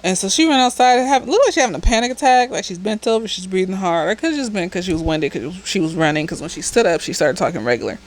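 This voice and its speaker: A woman's voice: mid-range voice, expressive, quick pace, hardly any pauses, low-quality recording. A woman therapist, slightly tipsy, giving a casual, blunt and profane recap of a TV episode with chatty asides.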